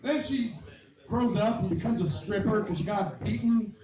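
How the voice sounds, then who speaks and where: High-voiced man doing stand-up, roomy. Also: moderate pace. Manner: rambling, shouts sudden impressions. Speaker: stand-up comedian. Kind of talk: stand-up set at an open mic. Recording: roomy, from a distance.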